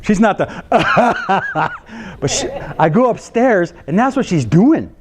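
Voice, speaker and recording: A middle-aged American psychologist tells a story in a talk to counselors, animatedly acting out his daughter's reactions with laughs and gasps. His voice is high-pitched and unhurried, with background noise behind it.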